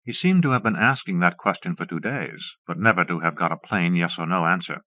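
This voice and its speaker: A man with a low voice reads a story aloud steadily and in measured phrases. The recording comes from a dull old cassette and sounds close and dry. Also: no room sound. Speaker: audiobook narrator. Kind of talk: audiobook narration.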